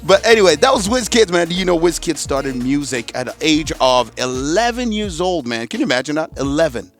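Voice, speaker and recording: A man's voice: fairly high pitch, big pitch swings, brisk, a bit bright, soft background music. A man hosting a live radio talk show from a studio, teasing and laughing with his guests.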